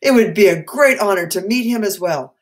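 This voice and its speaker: A woman voicing an eager, excitable male history teacher who gushes with admiration. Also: mid-range voice, fairly quick, lightly acted.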